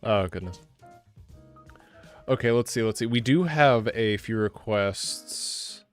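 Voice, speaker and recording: A man hosting a charity stream, reading donations in an upbeat, quick, casual way. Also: lowish voice, expressive, clean tone, soft background music. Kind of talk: casual chat.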